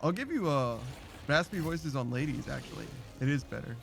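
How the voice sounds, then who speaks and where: A man from the United States chatting casually while playing a game, slightly raspy, laughing often and restarting his sentences. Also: on the high side, expressive, fairly quick, a bit bright, soft background music. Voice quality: raspy in the morning. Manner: giggly, talks in restarts. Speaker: gaming video host.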